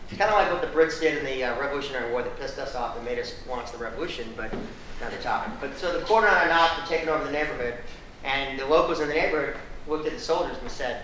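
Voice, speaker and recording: A man giving an animated, conversational lecture, quizzing the audience and adding blunt, sarcastic asides. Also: a little high, fast talker. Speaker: guest speaker. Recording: echoey room, distant mic, faint noise.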